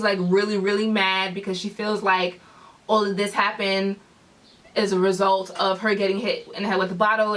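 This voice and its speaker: A young woman telling a school story in casual storytime style, animated and acting out what people said. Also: a little high, distant mic. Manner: animated, quotes people in reported speech.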